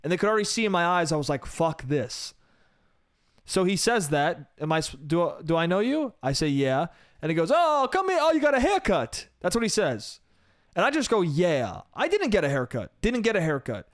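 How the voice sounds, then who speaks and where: Animated young man ranting on a podcast. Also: a little high, a little fast, no echo, clean studio sound. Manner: profane, animated, frequent "bro" and "dude". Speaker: solo podcast host. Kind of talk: casual storytelling monologue.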